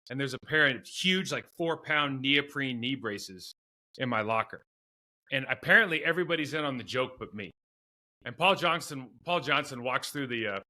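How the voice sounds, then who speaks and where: A middle-aged man with a very bright, forceful voice tells rambling stories from his football days. He laughs at himself, restarts his sentences and wanders into asides as he goes. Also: medium pitch. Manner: rambling, self-deprecating storyteller with many restarts. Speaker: guest, former pro football player. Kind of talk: storytelling in a podcast interview.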